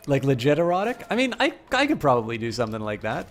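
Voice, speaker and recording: A man's voice: medium pitch, wildly swooping pitch, fast, a little hiss or hum. A man streaming a game, chatting casually with viewers in a rambling way full of fillers.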